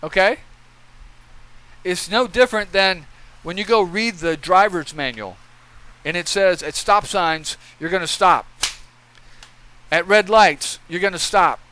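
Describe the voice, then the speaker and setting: Guy ranting his opinions, swears a lot, keeps saying okay, high crisp voice. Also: measured pace, pauses often, bright, forceful tone, low-quality recording. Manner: blunt, profane ranting; lecturing, repeats points with "okay?". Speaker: commentator. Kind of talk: opinion commentary.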